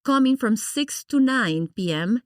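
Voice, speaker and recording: A middle-aged woman from Guatemala, a podcast guest, telling her story in an animated, expressive way and acting out her past reactions. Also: on the high side, measured pace, no room sound, clean studio sound. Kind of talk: personal storytelling in an interview.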